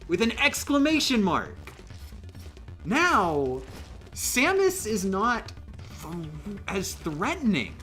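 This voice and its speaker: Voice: medium pitch, bright, forceful tone. A livestreamer chatting casually during a game stream, rambling with lots of fillers and emphatic restarts.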